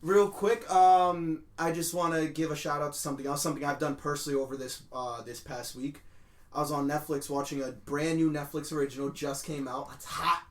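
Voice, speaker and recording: A man's voice: on the high side, brisk, roomy sound. A man hosting a podcast, chatting casually and telling stories with frequent laughs. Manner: laughs often, animated storytelling. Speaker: podcast host. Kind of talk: casual chat.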